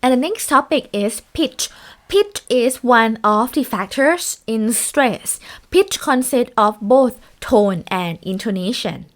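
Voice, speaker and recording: A woman teaching a lecture, speaking in halting sentences with many fillers and restarts. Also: a little high, lively intonation.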